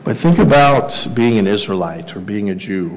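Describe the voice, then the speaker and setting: A man's voice: fairly low pitch, animated, moderate pace, noisy background. A man leading a men's Bible study, talking conversationally and putting questions to the group. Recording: echoey hall.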